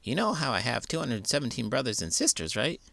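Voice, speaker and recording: A man voicing a chatty, excitable little mouse who tells his tale eagerly and a bit boastfully. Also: mid-range voice, fairly quick, creaky, dry recording, voice pushed up, heavily acted. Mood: excited.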